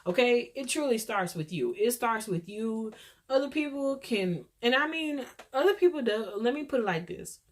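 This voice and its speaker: A woman's voice: on the high side, expressive, normal speed. A woman with a Texas accent hosting her own show, rambling through an encouraging, preachy pep talk. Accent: Texan. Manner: scattered, rambling. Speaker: podcast host. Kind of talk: rambling solo chat.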